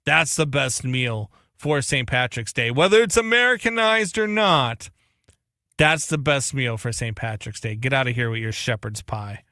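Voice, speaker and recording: A man co-hosting a sports radio show, giving animated, emphatic opinions in casual banter. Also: medium pitch, moderate pace, hardly any pauses, no echo, studio quality.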